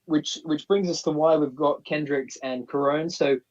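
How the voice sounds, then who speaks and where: A man's voice: on the high side, steady tone, moderate pace, a little mellow. Male co-host, rambling fan explainer, sounds distant and dull, off-mic. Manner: rambling, many restarts, nostalgic fan explaining. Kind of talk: casual live-stream chat.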